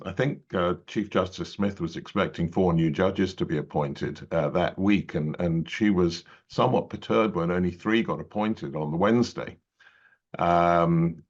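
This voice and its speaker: A middle-aged man with an English accent, a judge telling long stories in an interview, full of fillers and restarts. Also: sits low. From England. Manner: rambling, many fillers and restarts. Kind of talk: conversational interview storytelling. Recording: dull lo-fi audio.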